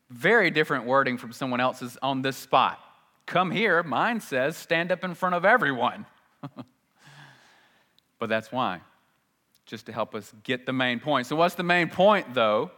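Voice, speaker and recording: Male pastor, sermon, bright and forceful, chatty, lots of rhetorical questions; long hall reverb. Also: mid-range voice. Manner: conversational, asks the room rhetorical questions.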